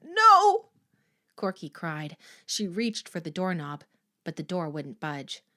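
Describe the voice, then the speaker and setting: A woman reading a horror novel aloud as an audiobook, in a slow, deliberate manner. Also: low-pitched, no room sound, clean studio sound. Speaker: audiobook reader. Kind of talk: audiobook narration.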